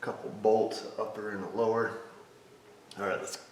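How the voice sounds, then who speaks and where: Joking mechanic talking through a repair. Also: male voice, fairly low pitch, flat delivery, moderate pace, slight background noise. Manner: joking, rambling, talks to himself while working; drops to a whisper up close. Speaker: auto mechanic. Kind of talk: casual work narration. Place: auto repair shop bay.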